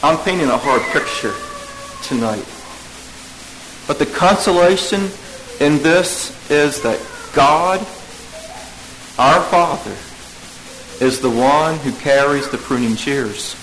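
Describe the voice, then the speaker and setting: A man preaching an evening sermon in an earnest way, pressing hard on some lines and dropping low and quiet on others. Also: slow pace, long pauses, a little hiss or hum, low-quality recording. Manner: earnest, rises to forceful emphasis then drops to hushed tones.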